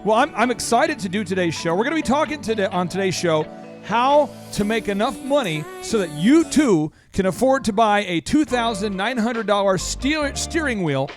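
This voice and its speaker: A man hosting a chatty show, excitable and quick with lots of restarts, with music in the background. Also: sits high. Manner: excitable, stumbling restarts, laughs often. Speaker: host. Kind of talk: casual chat. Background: music cued in.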